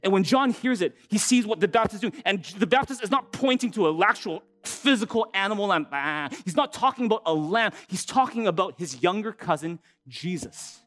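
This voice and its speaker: A male pastor delivering a sermon in a conversational, animated storytelling manner, full of rhetorical questions. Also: high voice, brisk, hardly any pauses, faint music behind. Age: adult with an older son.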